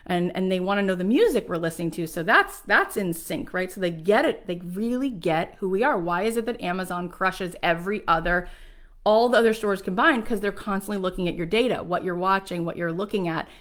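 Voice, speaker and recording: A woman's voice: on the low side, lively intonation, a little fast, a bit bright. Enthusiastic woman giving a motivational talk. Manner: enthusiastic, conversational, uses filler "like". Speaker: host.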